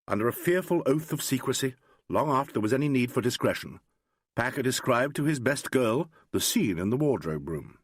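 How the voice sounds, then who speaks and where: A man reads a crime audiobook with measured, expressive narration. His pitch moves in a lively way, and the recording is dry and close with no room in it. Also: breathy edge, no echo. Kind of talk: scripted narration.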